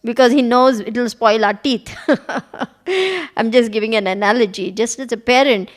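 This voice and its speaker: A woman's voice: on the high side, fairly even intonation, normal speed. A woman giving a devotional talk as a spiritual teacher, telling stories animatedly and laughing along.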